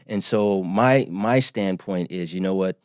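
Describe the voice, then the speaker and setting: A man in his forties, a podcast guest, telling his story in an earnest, emphatic, measured way. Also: deep voice, a little mellow, clean tone, no room sound, studio quality. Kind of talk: storytelling interview.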